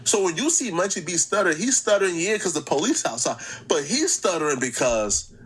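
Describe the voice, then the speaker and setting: A young man hosting a reaction channel, giving mocking, animated commentary on clips. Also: high voice, brisk, husky.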